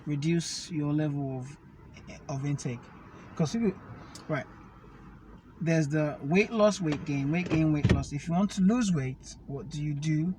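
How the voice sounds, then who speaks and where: A man's voice: fairly high pitch, unhurried. Man explaining fitness in a car. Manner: explains step by step with homely analogies. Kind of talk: casual conversation. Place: inside a car. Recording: noisy car recording.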